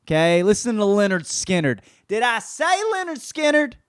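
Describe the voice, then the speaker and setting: A man's voice: high-pitched, very animated, moderate pace, clean tone, dry recording, clean studio sound. A man hosting a casual comic book review, talking in a profane, rambling way. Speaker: host.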